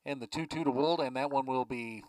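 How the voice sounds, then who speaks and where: A man calling a baseball game play by play from a ballpark press box, chatting easily between pitches. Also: a little fast, a little mellow, no echo, far from the mic, low-quality recording. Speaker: play-by-play announcer.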